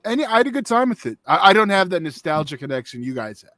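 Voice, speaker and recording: A man's voice: sits high, sing-song, fast talker, sharp tone, dry recording. A man co-hosting a casual movie review podcast, wry and self-deprecating. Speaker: podcast co-host.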